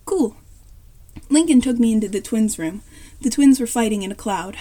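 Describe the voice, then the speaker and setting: A woman's voice: a little high, a little fast, warm tone. A woman reading a fan story aloud as narrator, in plain narration with small self-corrections.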